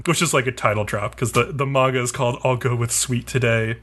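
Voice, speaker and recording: A man's voice: mid-range voice, steady tone, fairly quick, fairly bright tone. A man co-hosting a podcast, casually recapping an anime episode in a rambling, filler-heavy, profane way. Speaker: podcast co-host.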